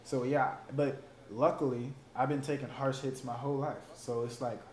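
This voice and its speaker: A man in his twenties with a hoarse, smoker-like rasp, talking in loose, profane, rambling casual chat. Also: mid-range voice, flat delivery, normal speed. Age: 20s. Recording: roomy room, faint ambient noise.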